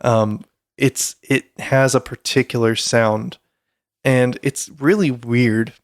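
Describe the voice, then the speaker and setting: A man's voice: medium pitch, fairly even intonation, takes it slowly, no echo, studio quality. A man, co-hosting a casual podcast, rambling with fillers and restarts. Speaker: podcast co-host.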